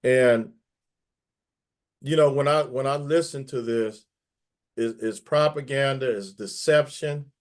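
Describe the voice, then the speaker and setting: A man's voice: mid-range voice, slow, long pauses. Opinionated man on a panel call. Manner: opinionated, emphatic, repeats words. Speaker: panel guest. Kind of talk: casual panel discussion.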